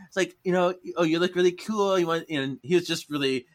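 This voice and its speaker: A young man co-hosting a casual book chat, recapping scenes in a relaxed way and acting out the characters' lines. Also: fairly high pitch, fairly quick. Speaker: podcast co-host.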